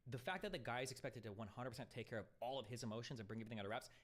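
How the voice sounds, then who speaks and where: A man's voice: mid-range voice, rapid-fire, a bit bright. A man hosting a casual live-stream debate, talking bluntly with lots of swearing and rambling asides. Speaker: streamer host.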